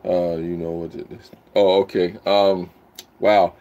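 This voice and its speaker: A man hosting a casual live stream, rambling while he reads the chat aloud and bursts into loud whoops. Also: deep voice, level tone, unhurried, highs cut off.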